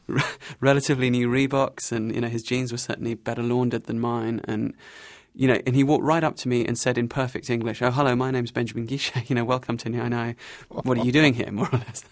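A middle-aged man with a gravelly, creaky edge speaks in a dry, close studio sound. He tells his story in a vivid, anecdotal way, restarting phrases and laughing softly now and then. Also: medium pitch, dry recording. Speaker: interview guest, travel writer. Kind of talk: storytelling interview answers.

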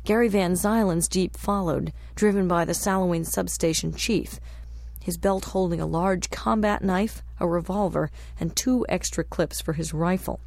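A woman reading a travel memoir aloud as a narrator, in a measured, descriptive storytelling manner. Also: on the low side, vocal fry, a little mellow, dry recording. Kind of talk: scripted audiobook narration.

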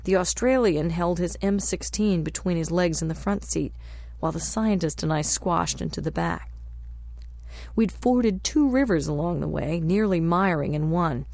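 Gravelly low-voiced woman narrating. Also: a little mellow, no echo. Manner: measured, descriptive storytelling. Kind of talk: scripted audiobook narration.

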